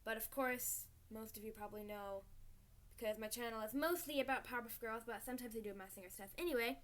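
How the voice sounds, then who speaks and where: A woman hosting her own fan channel, chatting casually and excitably about favorite cartoon episodes, acting out quotes in squeaky voices. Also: quick pace. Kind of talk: casual episode ranking chat.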